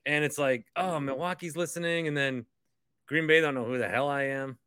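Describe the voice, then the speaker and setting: A man's voice: medium pitch, steady tone, moderate pace, sharp tone, smooth, no room sound. A man hosting a casual podcast and rambling with joking asides, recorded close on a studio mic. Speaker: podcast host, former radio host.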